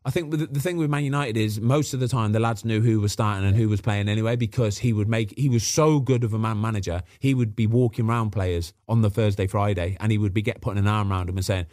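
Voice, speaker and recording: A man's voice: on the low side, fairly even intonation, quick pace, hardly any pauses, darkish tone, no room sound, clean studio sound. A man in casual podcast chat, telling stories about football and acting out what people said. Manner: chatty storyteller, acts out quotes. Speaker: former footballer guest.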